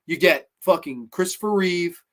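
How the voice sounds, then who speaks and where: A man's voice: high voice, normal speed. Chatty man reviewing horror episodes. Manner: chatty, animated, acts out quotes. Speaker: host. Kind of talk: casual review monologue.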